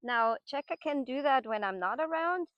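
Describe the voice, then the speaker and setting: A middle-aged woman teaching horsemanship. She explains each step patiently and keeps checking in with her listeners. Her voice sits a little high and sounds dry and close. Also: animated, normal speed, no room sound, highs cut off. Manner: patient, explanatory, with frequent tag questions. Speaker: horsemanship trainer. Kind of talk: explanatory teaching talk while working horses.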